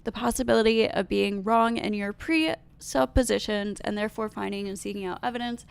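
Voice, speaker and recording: A woman with a stuffy nose reading viewer comments aloud and giving her own measured replies, with fillers and pauses. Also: mid-range voice, vocal fry, clean tone. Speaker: commentary video host.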